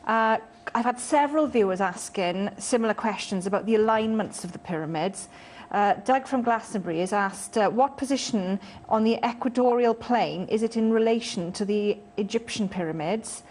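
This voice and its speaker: A woman reading out viewer texts and questions on a TV talk show, brisk, with filler uhs. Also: mid-range voice, darkish tone, a little hiss or hum.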